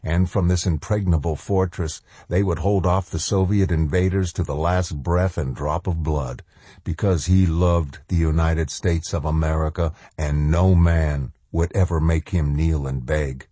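A man narrating an audiobook in a measured, steady storytelling manner. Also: a bass voice, husky, no room sound. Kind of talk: scripted narration.

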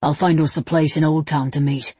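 A woman voicing a cool, teasing young man with a dry, low-key manner in a read-aloud story. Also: steady tone, a little fast, dark tone, slightly rough, dry recording.

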